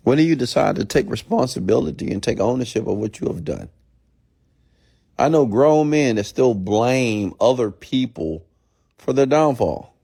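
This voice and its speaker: A man's voice: medium pitch, lively intonation, normal speed, gravelly, dark tone, breathy edge. A man hosting a late-night live stream, ranting bluntly and profanely at viewers, then answering their questions. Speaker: entrepreneur mentor host.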